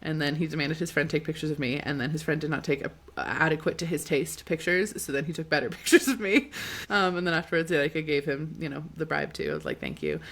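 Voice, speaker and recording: Young woman podcast co-host, slightly low pitch, bubbly storytelling full of fillers. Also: fast. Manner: animated, laughing often, lots of "like". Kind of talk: casual storytelling.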